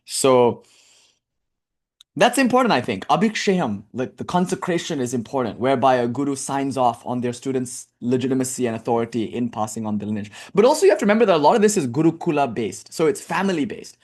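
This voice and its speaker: A young man giving a casual, animated talk on spiritual texts as a teacher, wandering into tangents and jokes. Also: medium pitch, brisk. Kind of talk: casual lecture on scripture.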